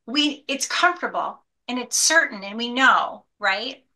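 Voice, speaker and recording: A woman's voice: on the high side, lively intonation, unhurried, pushed and bright. A woman hosting a webinar interview, affirming and conversational. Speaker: webinar host.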